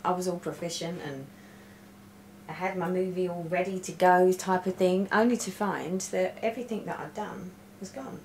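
Middle-aged woman vlogger, lowish voice, rambling chatty storyteller, recorded on a webcam in a roomy home space. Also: steady tone, normal speed, a little mellow, a little hiss or hum. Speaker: cross-stitch vlogger. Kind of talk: casual stitch-along chat. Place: room at home. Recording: roomy echo.

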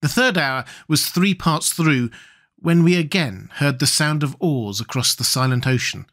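A man reading a horror short story aloud in a measured, steady storytelling voice. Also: on the high side. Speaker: audiobook narrator. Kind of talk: scripted narration of a horror story.

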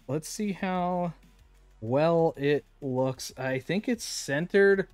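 A man's voice: fairly high pitch, drawn-out words, a little mellow, no echo, faint music behind. A man streaming live, opening card packs and chatting casually with his viewers. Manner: chatty, reads card names aloud, talks to chat.

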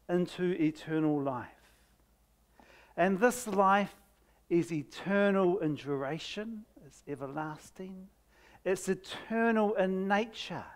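Preacher, sermon, slow measured pace, mid pitch, stressed key words, phrase ends fading nearly to silence. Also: darkish tone. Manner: slow, deliberate delivery that drops to near silence at phrase ends; reads scripture aloud with heavy stress on key words. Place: church service.

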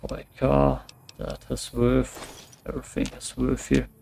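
A man talks through his game at an unhurried pace, his voice gravelly and worn, going hoarse as he plays. He mutters and grumbles to himself between lines, cursing at the screen. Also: mid-range voice, monotone, dark tone, slight background noise. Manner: mutters to himself, swears often. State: voice getting hoarse. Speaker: let's play gamer. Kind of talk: casual gameplay commentary.

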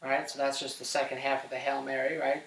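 A man teaching a class on scripture, animated, asking questions and often checking in with "right?". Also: medium pitch, quick pace, distant mic. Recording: roomy echo from off-mic.

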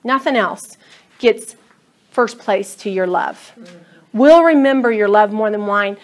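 A woman teaching a Bible class, telling stories and reading scripture in an animated, emphatic way. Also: mid-range voice, measured pace.

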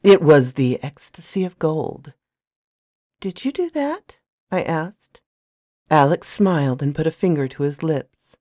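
A woman narrating a novel in the first person with a soft, hushed delivery on a close mic. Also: deep voice, measured pace, no echo. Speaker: storyteller.

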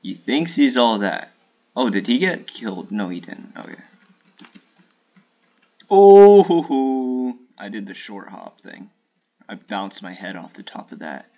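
A man streaming a shooter game in casual live commentary, swearing and trash-talking opponents with sudden excited outbursts. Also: deep voice, moderate pace, vocal fry, slightly rough, highs cut off.

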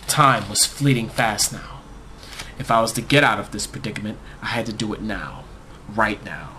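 A man narrating a comic first-person story in a deadpan, overblown storyteller manner. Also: lowish voice, normal speed, a little hiss or hum.

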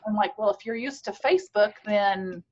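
A woman's voice: mid-range voice, normal speed. A woman on a casual video call, explaining things at length with enthusiasm and restarts. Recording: dull lo-fi video call audio.

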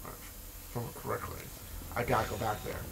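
A man recording let's-play commentary, profane and excitable, with shouting outbursts and repetitive rants. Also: on the low side, fairly quick, creaky, background noise. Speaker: gaming video host.

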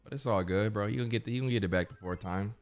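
Low-voiced man rambling through gameplay. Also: quick pace, faint music behind. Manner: slangy, rambling, says bro constantly; reads game dialogue aloud. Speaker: streamer. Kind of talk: casual gameplay commentary.

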